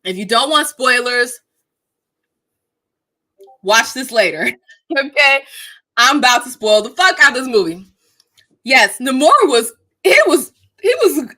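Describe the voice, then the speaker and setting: A woman's voice: sits high, lively intonation, takes it slowly, pauses often, bright, forceful tone. A woman hosting her live stream, giving emphatic, profane commentary and laughing often between points. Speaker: streamer and channel host.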